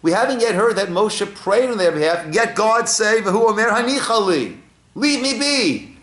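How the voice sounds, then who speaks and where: At a normal speed and with a high voice, a rabbi teaches a Torah class in a reverberant synagogue. He keeps it lively by quoting Hebrew and asking his listeners rhetorical questions.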